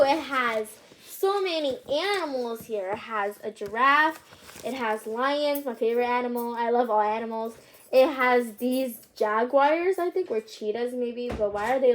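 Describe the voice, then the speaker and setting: A woman's voice: on the high side, a little hiss or hum. A woman hosting her channel, reading a picture book aloud and stopping for chatty, curious comments on the pictures. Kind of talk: read-aloud with chatty asides.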